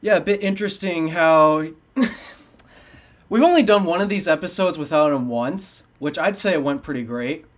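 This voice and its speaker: Male podcast co-host, higher pitch, easygoing and chatty. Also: lively intonation, moderate pace. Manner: chatty, laughs easily. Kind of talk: casual chat.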